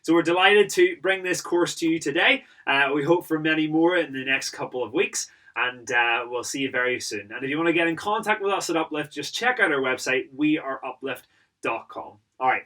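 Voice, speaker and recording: A man's voice: on the high side, sharp tone. A man with a Northern Irish accent, a school director, giving a cheerful welcome to an online class. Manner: cheerful, with filler pauses. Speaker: performing arts school director. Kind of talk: friendly welcome address. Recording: heard from a distance.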